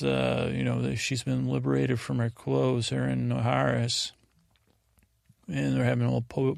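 A man's voice: mid-range voice, gravelly, no room sound, clean studio sound. A man hosting a sleep podcast, casually retelling TV scenes in a meandering, drowsy way. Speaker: podcast host. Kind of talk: rambling sleep podcast recap.

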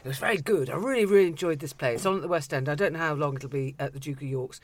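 A woman hosting a chatty radio conversation, theatrical and playful, often dropping to a hush for asides. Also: deep voice, rapid-fire.

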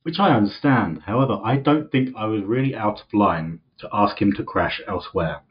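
A man's voice: on the low side, normal speed. A young man co-hosting a podcast, reading a post aloud in a jokey way and laughing often. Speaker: podcast co-host. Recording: dull lo-fi audio from the wrong microphone.

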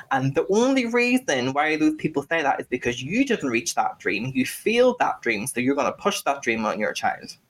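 A Scouse man co-hosting a podcast, telling stories in a blunt, sweary rant. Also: medium pitch. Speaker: podcast co-host. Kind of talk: casual podcast chat.

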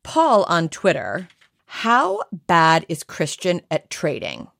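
A woman's voice: on the low side, takes it slowly, creaky, no room sound, clean studio sound. Chatty American woman podcast co-host. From United States. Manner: animated, chatty, reads listener messages aloud. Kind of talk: casual chat.

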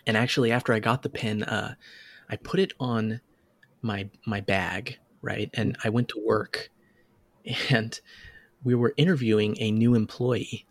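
A man co-hosting a podcast, telling stories in a casual, animated way with lots of restarts and laughs. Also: on the low side, unhurried, dry recording. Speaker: podcast co-host. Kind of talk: casual chat.

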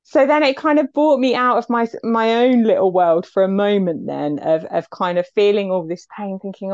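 A woman's voice: mid-range voice, normal speed, hardly any pauses, a little mellow, no room sound, lo-fi sound. A woman, telling a personal story as an interview guest, heartfelt and reflective.

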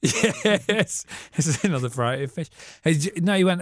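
A man, co-hosting a casual radio podcast with quick, jokey banter and frequent laughs. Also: fairly high pitch, expressive, dry recording. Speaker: co-host, journalist. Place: radio studio. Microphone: studio mic.

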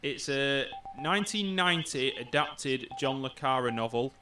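A man's voice: medium pitch, expressive, a little slow, pushed and bright, slight background noise. A man hosting a casual quiz on a podcast over a video call, chatty and explaining the rules with restarts.

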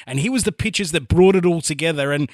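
An Australian man on a sports podcast panel, reminiscing in a quick, rambling way. His voice is fairly high, and the recording is dry and close. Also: darkish tone, no room sound. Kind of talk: casual sports chat.

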